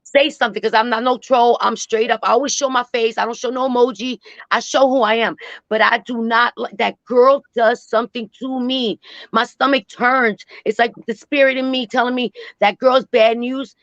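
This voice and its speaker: A woman's voice: fairly high pitch, fairly even intonation, moderate pace, a bit bright, no room sound, highs cut off. A woman calling into a live stream, speaking bluntly, cursing and repeating herself. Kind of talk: emotional call-in rant.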